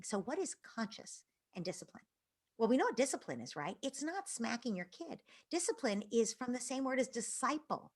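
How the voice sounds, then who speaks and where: A woman parenting expert answering audience questions in an earnest, explanatory way, dropping to soft whispers at times. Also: medium pitch.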